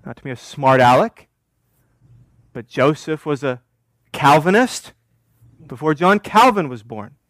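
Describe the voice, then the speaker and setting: A man's voice: on the high side, lively intonation, unhurried, long pauses, fairly bright tone, dry recording. A man preaching an expository sermon, emphatic, asking rhetorical questions and answering them himself. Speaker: pastor.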